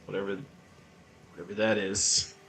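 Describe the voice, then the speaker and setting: A man's voice: lowish voice, little pitch movement, moderate pace, vocal fry, a bit bright, slight background noise. A man giving offhand, mumbled let's play commentary while he plays. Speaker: gamer. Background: game music.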